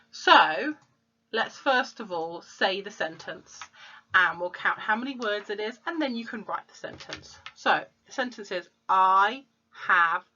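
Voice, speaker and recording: A woman teacher, slowly sounding out letters and words in a phonics lesson for young children. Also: medium pitch, sharp tone, highs cut off. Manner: slow, clear sounding-out of letters. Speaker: primary school teacher.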